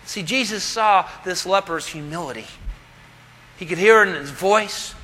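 High, bright-voiced preacher man. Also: normal speed, a little hiss or hum. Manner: preaching with rhetorical questions and humorous asides. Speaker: pastor. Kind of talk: sermon. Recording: long hall reverb.

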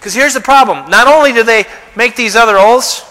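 A man's voice: extremely high pitch, brisk, sharp tone, big-room sound, low-quality recording. A man preaching a sermon, asking rhetorical questions and acting out the quotes he reads. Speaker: pastor.

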